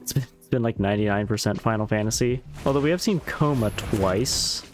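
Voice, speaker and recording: A man's voice: fairly low pitch, a little fast. A man streaming a card game, talking through his moves in a casual, wry way and muttering dry asides at his opponents. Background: music playing.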